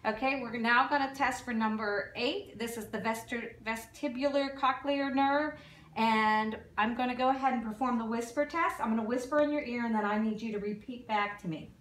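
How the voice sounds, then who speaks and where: A woman's voice: fairly high pitch, slight background noise. A woman giving a clinical exam and talking a patient through each step, sometimes tripping over medical terms. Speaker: nursing student performing an exam. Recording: echoey room, mic far off.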